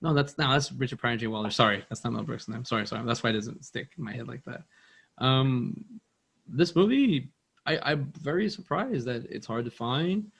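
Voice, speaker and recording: Podcast host, male, gravelly fry in the voice, loose rambling delivery, casual film talk. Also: mid-range voice, expressive, fairly quick, a bit bright. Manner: rambling, loose, says "like" and "dude" a lot. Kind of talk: casual movie chat.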